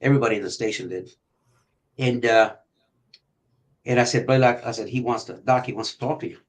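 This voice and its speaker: An older retired detective tells police stories on a podcast, sounding medium-pitched and brisk over a low-quality recording. He's profane and animated, acting out the shouting as he goes.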